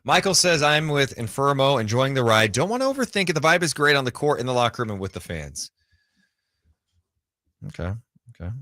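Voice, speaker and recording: Lively, bright-voiced male sports radio host. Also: mid-range voice, no echo, studio quality. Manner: chatty, quick reactions, reads viewer comments aloud. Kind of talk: casual live sports talk.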